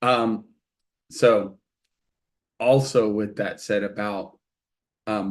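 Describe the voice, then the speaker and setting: This is a man co-hosting a casual couples podcast with an animated storytelling manner. He acts out both sides of a conversation and laughs often as he talks. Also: lowish voice. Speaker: co-host, couples coach.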